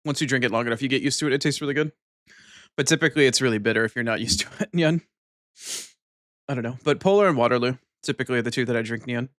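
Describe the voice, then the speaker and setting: A man's voice: medium pitch, a bit bright, no room sound, clean studio sound. A man live streaming, chatting casually with viewers, swearing freely and tacking a playful verbal tic onto his sentences between bites of food. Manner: loose, swearing, ends lines with a cat-like "nyan" tic; talks while eating, mumbled and unhurried.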